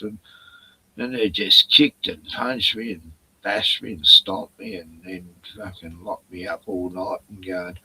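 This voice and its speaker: A man's voice: lowish voice, measured pace, sharp tone, slightly rough, dry recording, poor audio. A man chatting on a live stream in a rambling, profane rant full of sarcastic jokes, short on sleep. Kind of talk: casual ranting chat.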